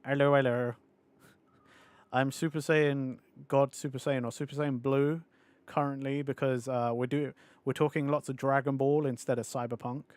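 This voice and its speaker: A young man streaming a game, chatting casually with viewers, animated and often laughing and swearing. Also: medium pitch, moderate pace, clear, resonant tone, dry recording. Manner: animated, laughing, swearing, mocking others in put-on voices. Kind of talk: casual live-stream chat.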